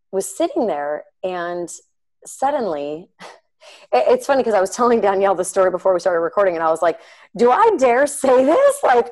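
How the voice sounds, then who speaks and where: A woman's voice: lowish voice, a little mellow, poor audio. A woman co-hosting a podcast, telling a personal faith story in an earnest, chatty way, full of fillers and asides to her listeners. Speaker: podcast co-host.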